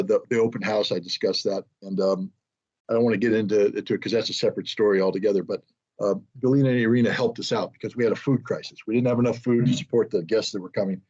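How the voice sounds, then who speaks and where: A man's voice: medium pitch, darkish tone, husky. An American man telling a rambling, self-deprecating anecdote as an interview guest, with frequent restarts. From United States. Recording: dull lo-fi sound.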